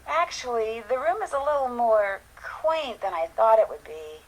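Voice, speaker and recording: An actress playing a curious, polite young woman detective in a mystery game, talking in a brisk, earnest way. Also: a little high, animated, highs cut off. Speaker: game character. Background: game music.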